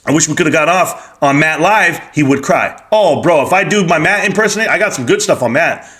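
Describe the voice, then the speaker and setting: A man's voice: fairly high pitch, animated, fairly quick, a bit bright. A man hosting a livestream, ranting in a blunt, heated and profane way as he reads the chat. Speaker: livestream host.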